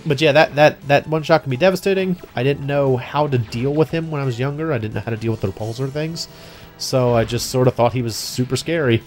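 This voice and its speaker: A young man giving casual, chatty commentary while playing a video game, often restarting words and filling pauses. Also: mid-range voice. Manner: chatty, excitable, many restarts and fillers. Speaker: let's play host.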